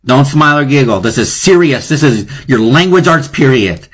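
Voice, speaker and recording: A man teaches a live online class in a chatty, playful way, and he often laughs at his own jokes. His voice sits at a middle pitch and comes through a computer mic on the stream. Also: animated, normal speed, husky. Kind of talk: live-streamed lesson on wordplay.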